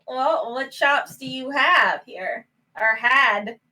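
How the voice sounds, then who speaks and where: A woman player in a tabletop game with a high, bright voice, speaking slowly and flatly. She sounds somewhat far from the mic. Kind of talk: casual tabletop game play.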